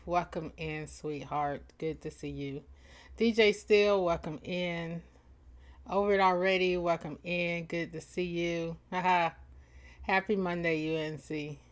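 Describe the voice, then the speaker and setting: A woman hosts a casual livestream in a fairly low voice and an unhurried pace. She welcomes viewers one by one, jokes with them, and laughs easily between her lines. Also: steady tone. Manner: greets viewers by name, playful teasing banter. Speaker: livestream host and chat moderator.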